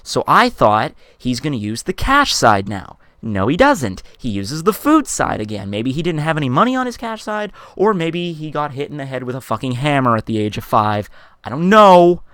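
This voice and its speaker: A man's voice: a little high, sing-song, normal speed, a bit bright, clean tone, dry recording, studio quality. A man vlogging a story from his shop job, swearing a lot and acting out his customers in exasperated bursts. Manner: profane, exasperated, acts out quoted customers. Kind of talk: casual storytelling rant.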